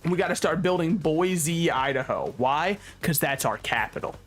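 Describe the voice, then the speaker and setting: A man's voice: on the high side, expressive, normal speed, a bit bright, faint music behind. A man giving casual, rambling gameplay commentary, joking, swearing freely and laughing often. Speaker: gaming YouTuber.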